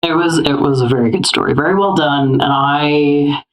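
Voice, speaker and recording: A co-host on a casual movie discussion podcast, talking in a relaxed way with halting, repeated starts. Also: mid-range voice, poor audio.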